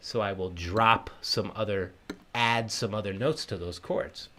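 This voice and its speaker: A man's voice: lowish voice, measured pace, sharp tone, slight background noise. Patient man teaching a ukulele lesson. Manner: patient step-by-step instruction, counting in beats aloud; friendly, greets viewers by name. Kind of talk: livestream music lesson.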